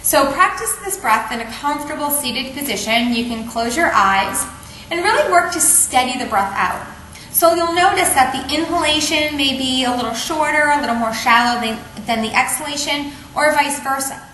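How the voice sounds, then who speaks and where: A woman teaching a yoga breathing technique in a calm, patient way, often checking in with "okay?". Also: sits high, moderate pace, a little hiss or hum. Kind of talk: instructional explanation. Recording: echoey room, faint ambience.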